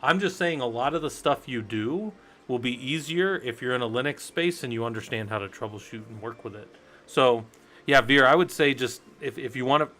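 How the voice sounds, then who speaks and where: A man's voice: mid-range voice, pushed and bright. A man teaching a live-streamed Linux class in a loose, rambling, conversational way, talking straight to his chat viewers. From United States. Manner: rambling, conversational, tells stories with acted quotes. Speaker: livestream Linux instructor.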